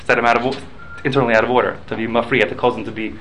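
A man's voice: mid-range voice, flat delivery, racing, a bit bright, slight background noise, rough recording. A man teaching a Talmud class, explaining rules with examples and often repeating and restarting his words.

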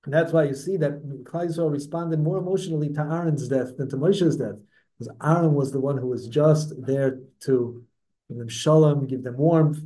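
A man teaching a Torah class in animated lecture style, often repeating words as he searches for the next one. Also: on the high side, normal speed, poor audio.

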